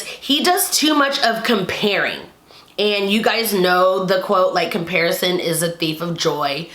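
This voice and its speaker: A woman's voice: mid-range voice, pushed and bright, echoey room, rough recording. A woman talking casually to camera, recapping and commenting with lots of "like" and exasperated asides. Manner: chatty, frequent "like", exasperated asides. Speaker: YouTube commentator.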